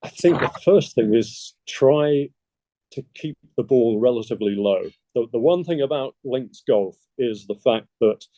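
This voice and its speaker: A man's voice: medium pitch, expressive, measured pace, mellow, dry recording. A man, a golf club secretary, chatting in an interview and telling easygoing anecdotes. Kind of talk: casual interview storytelling.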